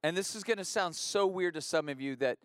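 A pastor preaching a conversational sermon in church, repeating phrases and building rhythmic refrains. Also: male voice, sits high, fairly quick, fairly bright tone, smooth, no echo, studio quality.

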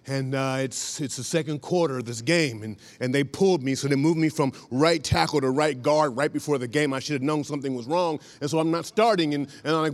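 A man from Columbus, Ohio, a former football lineman, telling a lively story to an audience, acting out lines and breaking into shouts. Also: a little high, brisk. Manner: animated, acts out quotes, bursts into shouts.

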